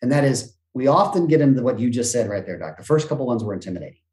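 A man talking as a motivational speaker and business coach on a podcast, energetic, acting out quoted voices and gasps, with some casual swearing. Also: mid-range voice, racing, reverberant. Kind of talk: energetic conversational interview talk.

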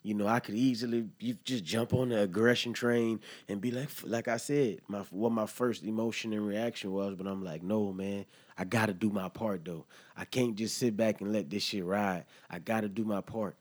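A man's voice: lowish voice, fairly even intonation, normal speed, hardly any pauses, a little mellow. A man hosting a solo podcast, talking in a heated, earnest way and swearing often. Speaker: podcast host. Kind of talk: emotional solo podcast monologue.

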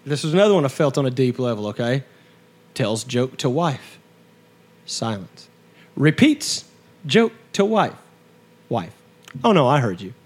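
A man co-hosting a casual comedy podcast, jokey and animated, laughing often as he tells stories. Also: medium pitch, a little slow, pauses often. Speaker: podcast co-host.

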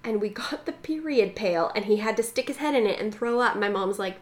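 A young woman co-hosting a podcast chats casually in a medium-pitched, animated voice that runs a little fast. She tells stories punctuated by bursts of laughter, acts out quotes, and swears freely.

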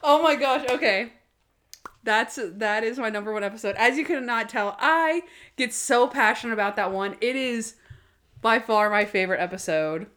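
A woman in casual chat, excitedly retelling a favorite TV episode and acting out its lines with frequent laughter. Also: fairly high pitch, moderate pace. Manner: animated, laughing storyteller acting out quotes.

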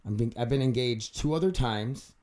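A man's voice: medium pitch, normal speed, darkish tone. A man hosting a casual podcast chat, blunt and crude with joking banter.

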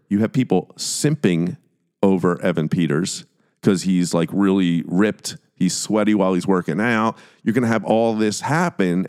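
Low-voiced man hosting casual commentary. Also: a little mellow. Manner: conversational, critical, retelling scenes. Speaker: podcast host.

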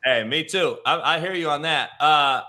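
Excitable high-voiced man hosting sports chat. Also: normal speed. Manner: loud, excitable, swears freely. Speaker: podcast host. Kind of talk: casual profane sports chat.

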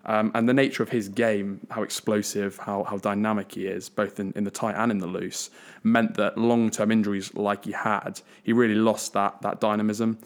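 Young guy cohosting a podcast, low voice, keeps tripping over his words, earnest. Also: level tone, normal speed. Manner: hesitant, many restarts, earnest. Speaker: podcast co-host. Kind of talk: casual podcast chat.

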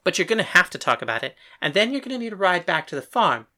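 A woman's voice: lowish voice, sing-song, fast, bright, forceful tone. A woman voicing a small, earnest young gunslinger who is eager and insistent, in a storybook reading.

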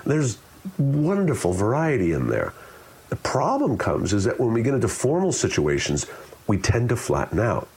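Speaking at a normal pace in a medium pitch, a man appears as an interview guest on the topic of public speaking. His delivery is expressive, and he changes it up to show different ways a line can be said.

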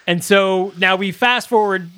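A man's voice: sits high, unhurried, pushed and bright, clear, resonant tone, no echo. A man hosting a podcast, casually recapping a movie, laughing often and acting out quotes. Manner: laughs often, acts out quotes in silly voices. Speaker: podcast host.

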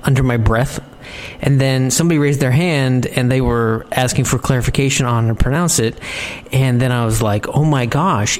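Man, podcast host, casual chat, rambling and self-deprecating, mid-pitched voice. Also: darkish tone. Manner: rambling, self-mocking, halting restarts.

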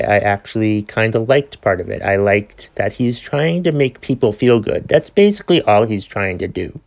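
A man hosting his own podcast, ranting in a profane, exasperated way and rambling with frequent restarts. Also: on the low side. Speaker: podcast host. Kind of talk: solo podcast rant.

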